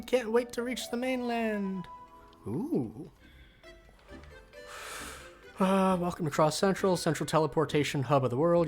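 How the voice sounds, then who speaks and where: A man's voice: mid-range voice, a little mellow. Chatty man streaming a game. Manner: chatty, self-mocking. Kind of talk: casual let's-play commentary.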